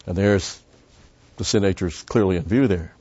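A man's voice: low voice, moderate pace, slightly rough. A man preaching a sermon, teaching through scripture and leaning hard on key words to stress them. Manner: emphatic, surges louder on key words; teaching, with fillers and restarts. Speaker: pastor. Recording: dull, lo-fi recording.

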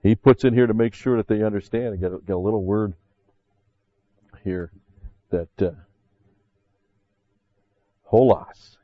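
A man's voice: on the low side, unhurried, long pauses, dry recording, phone-quality sound. A man preaching a sermon as pastor, talking conversationally with frequent "see" asides and rising emphatically when he quotes scripture.

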